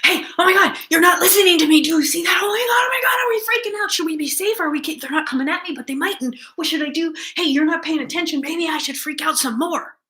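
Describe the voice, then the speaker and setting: A jittery dog on a leash, voiced by a woman, yelping out questions in a squeaky, strained voice far above her usual pitch. It talks fast and breathlessly, sharp and tense, desperate for its owner to notice. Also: very animated, heavily acted. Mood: panicked. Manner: frantic, rapid-fire questions. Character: anxious, overexcited dog on a leash pleading with its owner.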